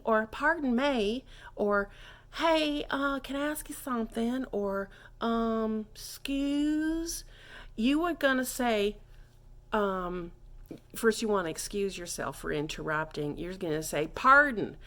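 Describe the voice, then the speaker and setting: A woman's voice: medium pitch, fairly bright tone. A woman playing a scatterbrained character who gives a clumsy French lesson, rambling off on tangents and stumbling over phrases. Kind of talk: comedic mock lesson monologue.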